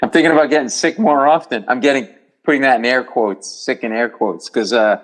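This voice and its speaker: A man, a comedian guest, telling a story in animated fashion and often jumping into high voices for the people in it. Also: fairly quick, rough recording. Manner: excitable, jumps into high put-on voices for people in stories.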